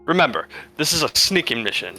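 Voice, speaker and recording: A man voicing a calm male military commander with a British accent, giving a measured briefing. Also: fairly high pitch, vocal fry, faint music behind, full character voice. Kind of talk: joking impression on a podcast.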